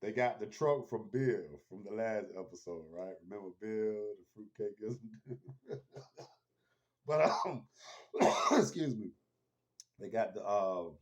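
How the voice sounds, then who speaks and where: A man's voice: lowish voice, muffled recording. A man hosting his own channel, recapping a TV episode in a laid-back, slangy, rambling way. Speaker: host.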